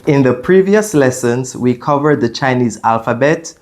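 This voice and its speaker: A man teaching a beginner language lesson, explaining clearly and patiently and demonstrating sounds by repeating them. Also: mid-range voice, animated, normal speed, a little mellow.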